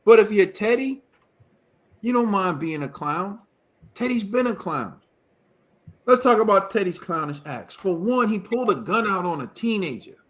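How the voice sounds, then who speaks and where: A man with a high, bright voice rants about boxing on a talk show. His delivery is emphatic and repetitive, hammering points home with casual slang. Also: animated, normal speed. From United States. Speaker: boxing podcast host. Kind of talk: heated casual commentary.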